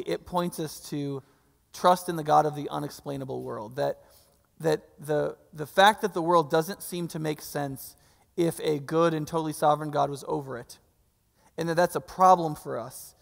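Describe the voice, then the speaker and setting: A man's voice: on the high side, gravelly. A man preaching a sermon as pastor, in a conversational style with frequent restarts and rhetorical questions. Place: church sanctuary. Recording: long church hall reverb.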